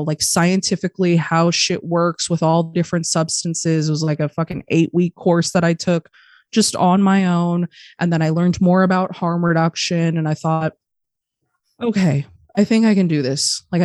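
A woman guest on a podcast, telling her story candidly in casual chat, swearing freely and speaking quickly. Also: lowish voice, darkish tone, no room sound, clean studio sound.

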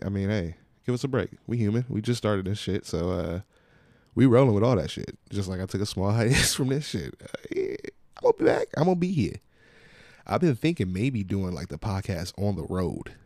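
Young male podcast host, lower voice, loose and profane, recorded dry. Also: animated, fairly quick, a little mellow, dry recording. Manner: laid-back, profane storytelling with acted-out quotes. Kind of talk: casual chat.

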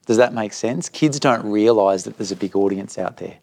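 A man's voice: lowish voice, normal speed. A man, a school director of middle years, talking candidly at a live parent evening and telling stories with quoted dialogue. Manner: candid storytelling, animated when quoting others. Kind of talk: speaking at a live parent info night.

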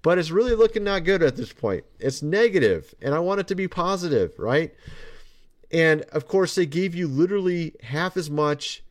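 A man's voice: on the high side, animated, moderate pace. Sarcastic rambling man hosting a podcast. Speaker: podcast host. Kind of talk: casual commentary monologue.

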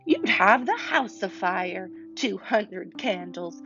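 A woman voicing a calm, practical mother of five who speaks in a measured, gently chiding way. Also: mid-range voice, lo-fi sound, soft background music, full character voice.

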